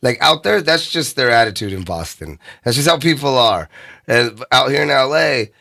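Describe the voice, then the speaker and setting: A man's voice: mid-range voice, lively intonation, normal speed, vocal fry, bright, forceful tone. A man who is a stand-up comedian, chatting as a guest in a laid-back way, laughing often and swearing. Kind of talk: casual chat.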